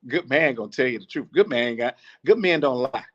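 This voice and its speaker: A man hosting a podcast, talking in a casual, animated monologue, swearing, preaching and laughing often. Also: medium pitch, brisk, muffled recording. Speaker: podcast host.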